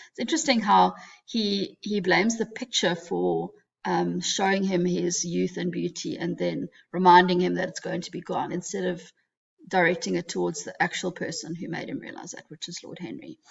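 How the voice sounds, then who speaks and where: A woman's voice: lowish voice, fairly even intonation, moderate pace, gravelly, breathy edge. A woman teaching a literature lesson, explaining casually with fillers and asides. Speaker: English teacher. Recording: dull lo-fi recording.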